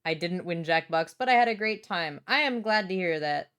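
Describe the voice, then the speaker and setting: A woman's voice: fairly low pitch, animated, moderate pace, fairly bright tone, smooth. A young adult woman streaming casually from home, bubbly, swearing freely and reading chat aloud.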